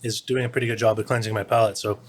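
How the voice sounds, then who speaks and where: A man chatting casually on a podcast, easygoing and quick. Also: fairly low pitch, flat delivery, slight background noise. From Canada. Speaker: beer writer and podcast guest. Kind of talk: casual chat.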